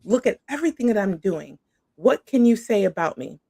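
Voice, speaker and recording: A woman's voice: medium pitch, very animated, brisk, gravelly, dark tone, breathy edge, no echo, clean studio sound. A middle-aged woman, a guest coach, chatting casually in a bubbly way and often saying "like" and "awesome.". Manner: bubbly, says "like" and "awesome" a lot. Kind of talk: casual interview chat.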